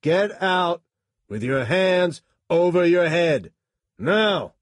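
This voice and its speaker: A man's voice: mid-range voice, big pitch swings, very slow, darkish tone, breathy edge, no echo, voice pushed up, full character voice. A man reading an audiobook, voicing a hardened older male detective who barks commands. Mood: commanding. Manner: barking, commanding.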